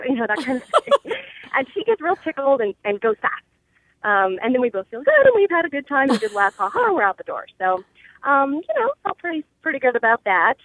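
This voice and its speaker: A woman in her thirties calling in to share an anecdote, telling it in an animated storytelling manner. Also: high-pitched, brisk, poor audio. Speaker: caller. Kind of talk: phoned-in anecdote.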